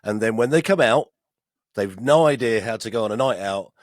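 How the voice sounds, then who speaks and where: A man's voice: lowish voice, lively intonation, fairly quick, dry recording, clean studio sound. A man co-hosting a podcast, telling rambling stories with frequent laughs and restarts. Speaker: podcast co-host. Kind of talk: casual banter.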